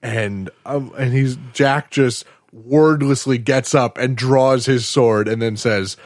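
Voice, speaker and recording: A man hosting a podcast, retelling an episode in a casual, animated storytelling way. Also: medium pitch, slow pace, dry recording, studio quality. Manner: animated storytelling, acting out quotes. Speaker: podcast host.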